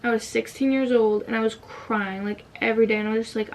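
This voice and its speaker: A woman's voice: a little high, fairly even intonation, quick pace. Teary young woman vlogging, slightly distant. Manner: emotional, near tears, fillers like "like". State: tight throat from holding back tears. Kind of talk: casual confessional vlog.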